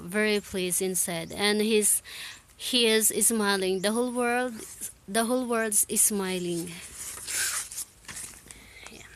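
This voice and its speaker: A woman with a Filipino accent reading a novel aloud as English practice, slow and halting, often restarting and correcting herself. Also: medium pitch.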